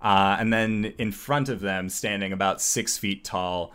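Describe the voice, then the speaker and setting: A man narrating a tabletop game as game master, halting often with filler sounds. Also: fairly low pitch, fairly even intonation, fairly bright tone, clean tone.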